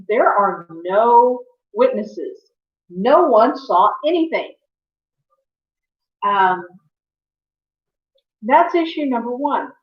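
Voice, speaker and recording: A woman giving a history lecture as a teacher, conversational, with fillers and self-corrections. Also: medium pitch. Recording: echoey, dull lo-fi room sound.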